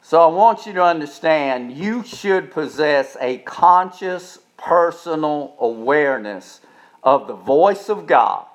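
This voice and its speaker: A man, preaching a sermon as pastor, repeating words and building to emphatic peaks. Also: medium pitch. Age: 70s. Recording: dull lo-fi sound.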